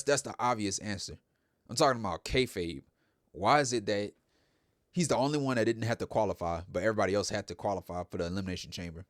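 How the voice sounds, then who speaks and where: A man with a fairly low voice gives a casual recap, talking in a loose, rambling way and doubling back on his words. The recording is dry and close, with no room sound. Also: no room sound. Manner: chatty, rambling, repeats himself. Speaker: host. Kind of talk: casual wrestling show recap.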